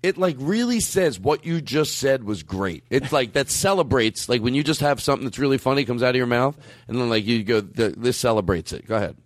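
Lively joking male podcast host. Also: medium pitch, a little fast, hardly any pauses, slight background noise. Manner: joking, animated, slips into ad-read patter. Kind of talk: casual comedic chat.

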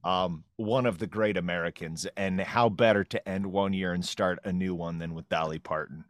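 Lower-voiced man in casual chat. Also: steady tone, normal speed, no room sound, clean studio sound. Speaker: podcast co-host.

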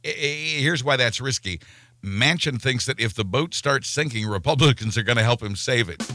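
A man's voice: medium pitch, expressive, fairly quick, bright, forceful tone. A man co-hosting a podcast, reading comic news items with wry punchline delivery. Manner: wry, punchline delivery, laughs at own jokes. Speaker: podcast co-host, news joke reader. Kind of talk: comedic news segment.

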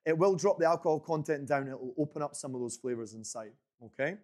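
Speaking fast with lively intonation, this twentysomething Scottish man presents a tasting as a brand ambassador before a live audience in an event room. His voice is a little high and a little mellow, and he chats away, repeating phrases for emphasis.

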